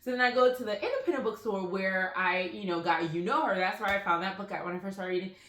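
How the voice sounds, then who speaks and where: A woman talks through her latest book purchases in a loose, rambling way, piling on fillers as she tells her stories. Her voice is bright and forward. She records on a phone in a room that gives her voice a noticeable echo. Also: mid-range voice, fast. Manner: rambling, animated storytelling with frequent fillers. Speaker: book vlogger. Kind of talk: casual chatty book haul vlog. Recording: roomy echoey room.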